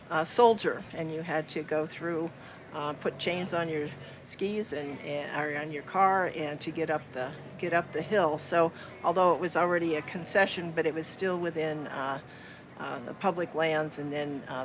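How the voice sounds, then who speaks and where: Older man reminiscing haltingly. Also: fairly high pitch, background noise. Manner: halting, full of fillers. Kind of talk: documentary interview.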